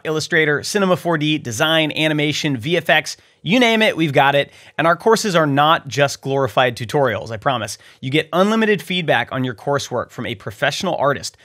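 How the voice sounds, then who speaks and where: A man's voice: on the high side, a bit bright. A man hosting a scripted news roundup, upbeat and jokey with playful asides. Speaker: show host.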